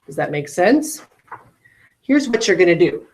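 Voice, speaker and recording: A woman with a slightly low voice teaches a recorded phonics lesson for classrooms. She stretches each word out sound by sound and keeps checking in with quick rhetorical questions. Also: very animated, creaky, a little hiss or hum, poor audio.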